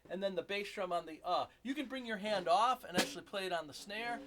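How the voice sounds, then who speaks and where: A man's voice: high voice, fast talker, loud music behind the voice. A man giving a casual drum lesson in his basement drum room, chatty and enthusiastic, joking about himself. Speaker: drum teacher.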